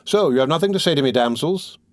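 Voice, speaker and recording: A man reading the part of a poised young stranger in shabby black, a smooth and ready talker, as an audiobook narrator. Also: a little high, animated, fast talker, no room sound, clean studio sound, pitched above the performer's own voice, natural voice. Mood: courteous.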